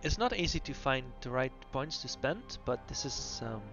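A man's voice: mid-range voice, lively intonation, moderate pace. A man voicing over a video game class guide, explaining hesitantly with many fillers. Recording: dull lo-fi audio with faint music.

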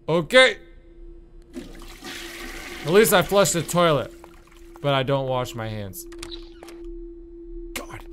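A man doing let's-play commentary on a horror game, exasperated and swearing, with sudden loud outbursts. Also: mid-range voice, slight background noise. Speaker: gaming YouTuber.

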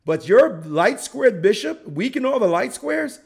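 A man's voice: very high voice, sing-song, unhurried, creaky, slightly rough. A middle-aged man giving a playful, joking chess lesson, acting out the players' reactions as he goes. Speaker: chess commentator.

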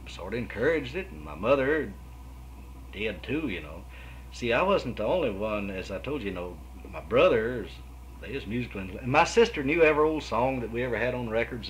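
A man's voice: on the low side, a bit bright, a little hiss or hum, rough recording. Folksy Kentucky-accented man telling stories. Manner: folksy, rambling, with frequent restarts and "you know". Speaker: guitarist guest. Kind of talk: storytelling interview answers. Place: his home.

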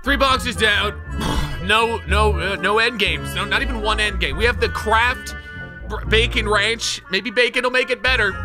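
A man doing casual game pack-opening commentary, excitable and swearing, groaning and shouting at his cards. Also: high voice, moderate pace, music in the background. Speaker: YouTuber.

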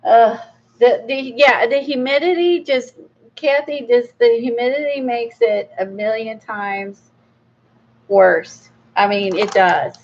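A woman's voice: on the high side, slow, darkish tone, muffled recording. A middle-aged woman hosting a casual vlog, chatty and rambling with many fillers and small laughs. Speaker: art channel host. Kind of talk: casual book review vlog.

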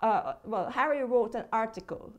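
A woman's voice: a little high, expressive, moderate pace. A woman with a Jamaican accent, a guest in a conversational interview, making her points emphatically. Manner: emphatic, argumentative.

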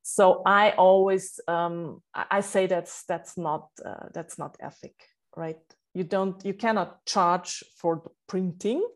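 A woman with a German accent talks as a writing coach in a podcast interview, her voice sitting a little low. She speaks carefully and pauses now and then to find the English word. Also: steady tone. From Austria. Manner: thoughtful, searches for English words.

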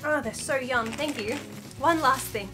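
A woman chatting excitedly as she unboxes parcels at home, gushing over each item and scolding her pet. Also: high voice, measured pace, music in the background. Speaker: vlogger. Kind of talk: casual unboxing vlog.

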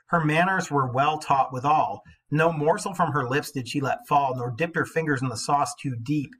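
A man's voice: medium pitch, a bit bright, slightly rough. A male teacher reading an old poem aloud and stopping for casual, questioning asides.

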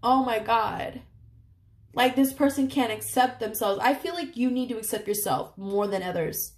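A woman's voice: fairly high pitch, moderate pace, a little mellow. Emotional woman tarot reader, echoey room. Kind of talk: casual tarot reading to camera.

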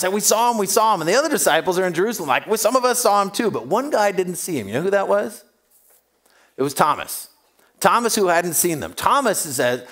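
A man's voice: a little high, a bit bright. A man preaching a sermon, telling stories with humor and acting out the voices of the people in them. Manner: humorous and self-deprecating. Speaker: pastor.

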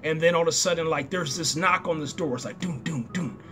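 A man's voice: fairly high pitch, fast, bright, forceful tone. A man giving a casual, slangy recap of a TV episode, acting out the characters' lines as he goes. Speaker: show reviewer.

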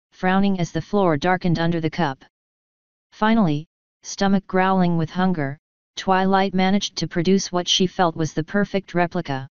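Smooth-voiced woman reading a story. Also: on the low side, no echo. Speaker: fanfiction reader. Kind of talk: storybook narration. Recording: dull lo-fi dry recording.

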